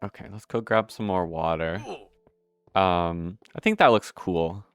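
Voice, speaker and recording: A man's voice: deep voice, a little slow, clear, resonant tone, no room sound, soft background music. A young man giving casual, rambling gameplay commentary, hiccuping now and then, correcting himself and swearing offhand. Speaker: gameplay video host.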